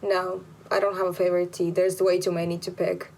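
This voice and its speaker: A woman guest in a casual chat, blunt and quick to laugh, swearing casually. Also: fairly low pitch, level tone, vocal fry, darkish tone, a little hiss or hum, low-quality recording.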